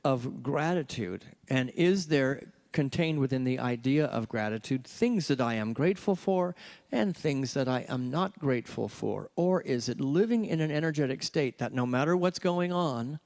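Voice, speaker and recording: A man of ordinary pitch speaks as a minister guiding a church meditation group. He is reflective and unhurried, drawing out key words as he speaks into a handheld mic. His delivery feels like a thoughtful spiritual teacher. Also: expressive, a little mellow. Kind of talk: leading a group meditation discussion. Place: church gathering with a live group. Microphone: handheld microphone.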